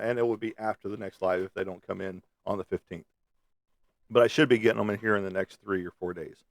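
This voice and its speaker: A middle-aged man with a voice on the low side rambles bluntly, with plenty of profanity, during a casual live stream from a room in his home. He uses a webcam microphone, and there's no echo.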